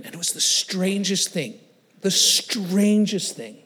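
Man preaching, storytelling sermon, animated and laughing, fairly high voice, long hall reverb. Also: measured pace. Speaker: guest speaker.

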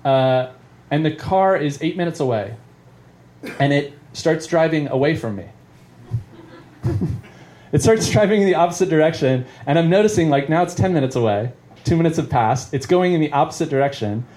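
A man's voice: on the high side, normal speed, long pauses, a little mellow. A man doing stand-up, telling a long story in a rambling, self-interrupting way and chuckling at it as he goes. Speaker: comedian. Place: live venue.

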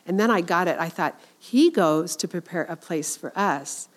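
A woman's voice: on the low side, lively intonation, moderate pace. Chatty, earnest woman giving a faith talk. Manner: earnest, chatty, many fillers and restarts. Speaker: Christian women's speaker.

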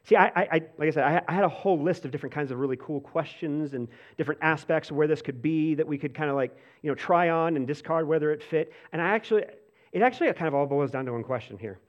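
A man preaching a sermon in a casual, conversational way, full of "like" fillers and restarts, swinging between animated bursts and hushed, soft passages. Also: a little high, fast, highs cut off. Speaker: pastor.

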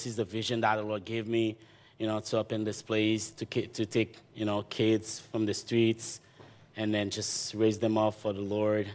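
A man, a pastor, telling a personal testimony in an animated way, restarting phrases and often ending lines with "man". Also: on the low side. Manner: animated storyteller, halting restarts, repeats "man".

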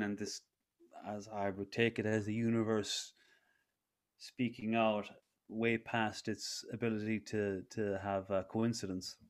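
A man in his thirties, a breathwork facilitator, telling a personal story in a casual interview with many restarts. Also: fairly low pitch. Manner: rambling with frequent restarts.

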